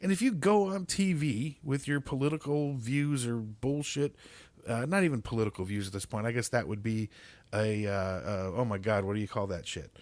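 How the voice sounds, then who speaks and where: A man's voice: medium pitch, moderate pace, a little mellow, no echo. A man hosts his own podcast and rants alone into a desk mic, swearing constantly and stumbling over repeated words when he gets worked up. His voice sits in an ordinary middle register. The recording is dry, with no room sound around him. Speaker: podcast host. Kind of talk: profane solo rant.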